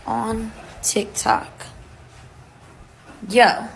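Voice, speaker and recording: Casting: exasperated woman, slow and gravelly, faint background hum. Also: on the high side, level tone. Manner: disbelieving, drawn-out exclamations. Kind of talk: exasperated commentary to camera.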